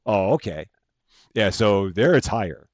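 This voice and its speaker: A man's voice: on the low side, animated, measured pace, no room sound. A man chatting casually as he live-streams a game at home, thanking viewers by name and laughing at himself. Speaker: streamer playing a bank simulator game.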